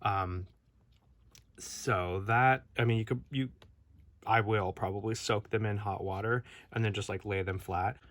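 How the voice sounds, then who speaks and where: A man's voice: lowish voice, steady tone, a little slow, a bit bright, dry recording. A man rambling casually through a toy unboxing review at home, chatty and full of restarts and asides. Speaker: toy collector vlogger.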